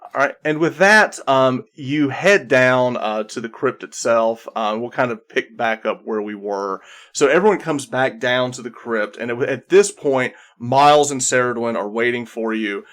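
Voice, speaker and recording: A man's voice: medium pitch, normal speed, a bit bright. A man narrating a tabletop game as game master, rambling with many restarts.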